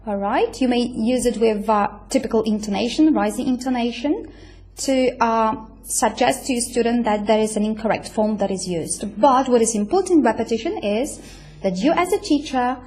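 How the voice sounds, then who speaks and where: A woman delivers a recorded university lecture. Her voice sits a little high, and she talks unhurriedly, padding her points with fillers and checking in with her listeners as she goes. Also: a little mellow, slight background noise. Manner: explains slowly with many fillers, checks with "right?".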